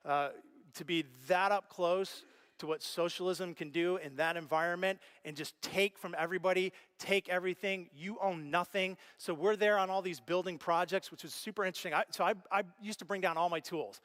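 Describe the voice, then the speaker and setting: Male pastor, higher-pitched, preaching with lively, animated storytelling. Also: fairly quick. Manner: animated storyteller, acts out his own reactions. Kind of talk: sermon.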